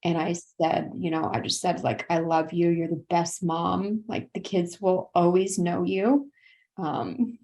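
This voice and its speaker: A woman in her thirties from South Carolina appears as a podcast guest, sharing an earnest, tearful personal story in conversation. Her voice is lowish and mellow, with a flat delivery at a measured pace.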